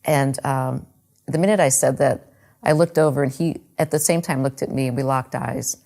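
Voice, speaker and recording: A woman's voice: rumbling low, normal speed, creaky, mellow. A middle-aged woman telling her faith testimony in an earnest, heartfelt storytelling way. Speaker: speaker giving a faith testimony.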